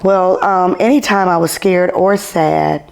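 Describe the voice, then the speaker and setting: A woman hosting a podcast in casual chat, an animated storyteller who laughs often. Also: lowish voice, measured pace, creaky. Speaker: podcast host.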